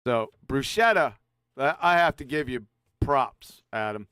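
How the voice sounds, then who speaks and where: A man in a chatty mood tells a story in a smooth, resonant voice at a middle pitch. He often drops his voice low. The sound is dry and close. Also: expressive, a little slow, sharp tone, no echo. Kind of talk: casual chat on a live online panel.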